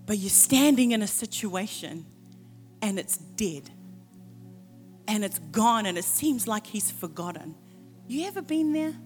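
A woman's voice: mid-range voice, animated, a little slow, pauses often, faint music behind. Woman preaching in a reverberant hall. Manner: impassioned preaching, sudden drops to hushed asides. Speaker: pastor. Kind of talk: sermon.

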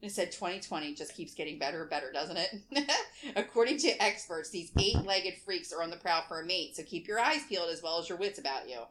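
A woman's voice: fairly low pitch, expressive, fairly quick, fairly bright tone. A woman co-hosting a podcast in casual chat, laughing often and reading news aloud. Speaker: podcast co-host.

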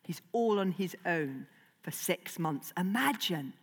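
A woman's voice: fairly low pitch, animated, slow pace, slightly rough. Woman, children's author talk, chatty and rambling, reverberant hall. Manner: chatty, digressive, with many fillers.

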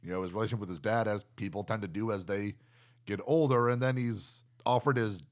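A man's voice: on the low side, brisk. A man co-hosting a casual film review chat, incredulous and exasperated, swearing now and then. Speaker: podcast co-host reviewing a film.

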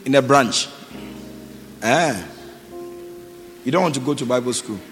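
A man's voice: medium pitch, unhurried, fairly bright tone, faint music behind. A man preaching to a congregation, calling people forward for offerings, repeating short commands and firing questions at the crowd. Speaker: pastor. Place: church. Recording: echoey hall with faint noise.

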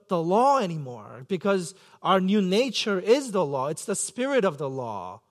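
A man preaching a sermon as pastor, earnest and self-questioning, acting out his own pleading thoughts. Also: sits high.

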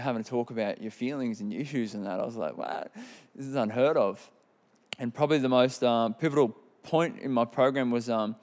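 A man's voice: mid-range voice, a little mellow. A man in his thirties with an Australian accent, telling his personal testimony in a candid, rambling way with many fillers. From Queensland, Australia. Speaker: testimony speaker.

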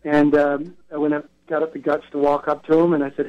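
A man's voice: fairly high pitch, completely flat delivery, fairly quick, hardly any pauses. A man as a radio interview guest, telling stories in a chatty, anecdotal way with many self-corrections. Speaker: guest, co-founder of a record retail event. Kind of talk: radio interview, casual storytelling. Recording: dull lo-fi radio broadcast.

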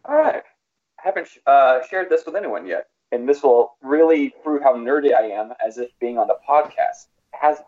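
A man's voice: medium pitch, moderate pace. A man co-hosting a casual sports podcast, telling a story with lots of energy and acting out lines. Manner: animated storyteller, laughs and acts out lines. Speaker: podcast co-host. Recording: dull lo-fi sound.

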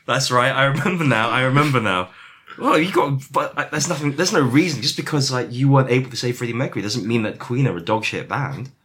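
A man's voice: medium pitch, fast, a bit bright. A man in an improvised comedy scene, quizzical and teasing, stammering as he pushes back.

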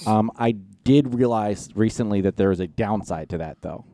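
A man co-hosting a comedy podcast, telling animated stories and teasing his co-host. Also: fairly low pitch, moderate pace, no echo. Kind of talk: casual comedy chat.

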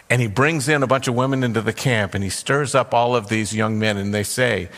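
A man's voice: lowish voice, normal speed, a bit bright, big-room sound. A man preaching a sermon as pastor, telling a parable and briefly voicing its characters. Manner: storytelling, briefly acting out characters' lines.

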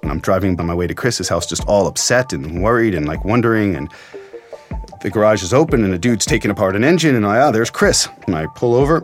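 A man's voice: lowish voice, expressive, fast, soft background music. A man, a journalist, earnestly retelling an emotional story from his own experience, quoting the dialogue. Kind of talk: storytelling interview.

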